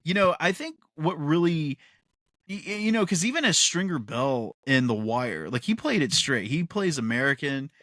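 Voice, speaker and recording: A man's voice: fairly high pitch, sing-song, moderate pace, fairly bright tone, no echo, clean studio sound. A man co-hosting a podcast in a casual chat, rambling with enthusiasm and laughing often. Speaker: podcast co-host.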